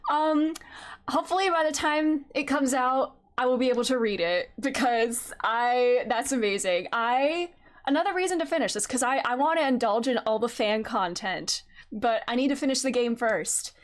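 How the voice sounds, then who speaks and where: High-voiced excitable young woman streamer. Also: normal speed. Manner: excitable, gasps and chatty, many fillers. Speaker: game streamer. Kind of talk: casual live-stream chat.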